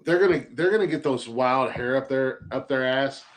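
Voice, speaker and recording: A man's voice: mid-range voice, moderate pace. A man co-hosting a podcast in casual chat, talking bluntly and joking, on a close mic. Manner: blunt, joking, reads listener messages aloud. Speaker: podcast co-host.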